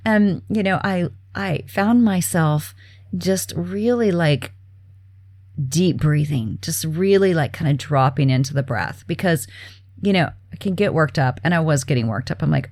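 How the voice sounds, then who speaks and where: Low, gravelly-voiced woman host. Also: normal speed, dry recording, clean studio sound. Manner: relaxed and chatty, many fillers, soft breathy laughs. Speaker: podcast host. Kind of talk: casual self-care talk.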